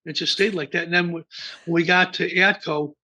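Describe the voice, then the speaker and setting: The band founder, a man in his sixties from the American Midwest, tells rambling stories as a guest in a casual interview, restarting often and filling gaps with fillers. His high, pushed, bright voice moves fairly quickly with fairly even intonation, over dull lo-fi remote audio.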